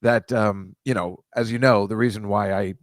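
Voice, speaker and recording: A man's voice: lowish voice, steady tone, normal speed, dry recording. Older new guy rambling, self-deprecating stories, dry close sound. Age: over 65. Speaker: podcast co-host. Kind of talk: casual chat.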